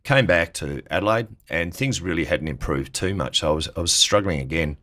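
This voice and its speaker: A man's voice: low-pitched, expressive, brisk, pushed and bright. A man in his fifties with an Australian accent, a business owner telling casual stories from his career as an interview guest, acting out the people he quotes. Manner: anecdotal, acts out quoted people with lifted voice.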